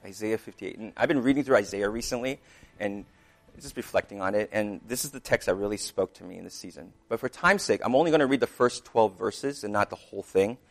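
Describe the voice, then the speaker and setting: A man preaching a sermon, praying quietly and reading scripture with rising emphasis, chewing gum because of a dry mouth. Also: fairly low pitch, animated, fairly quick, creaky. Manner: chewing gum while speaking; prays softly, reads scripture with rising emphasis. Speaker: pastor.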